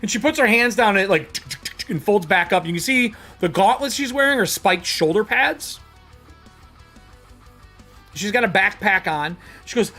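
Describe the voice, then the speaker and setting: A man runs a tabletop game with lively, wandering narration. His pitch moves a lot, and faint guitar music hums behind. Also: moderate pace. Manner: animated, rambling narration. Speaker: game master.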